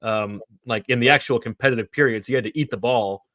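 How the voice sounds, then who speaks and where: A man hosting a sports podcast in casual chat, telling stories in an animated way. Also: medium pitch, fast, no room sound. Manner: animated storyteller.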